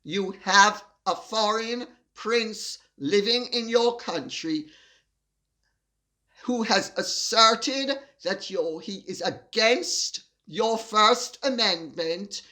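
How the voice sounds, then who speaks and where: An older woman gives an indignant opinion monologue. She talks slowly and deliberately and leans hard on the stressed words. Her voice sits in a middle pitch range. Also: sharp tone. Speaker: commentator.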